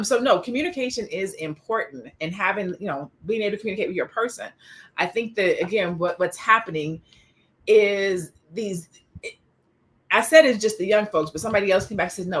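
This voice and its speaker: Bright-voiced woman hosting a chat show. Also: mid-range voice. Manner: animated, laughing, opinionated. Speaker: podcast host. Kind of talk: casual discussion show.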